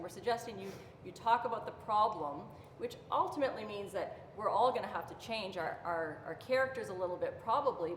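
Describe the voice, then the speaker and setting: A woman pastor giving a gentle, thoughtful marriage devotional talk, often pausing with fillers. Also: medium pitch. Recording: roomy reverberant hall, faint noise.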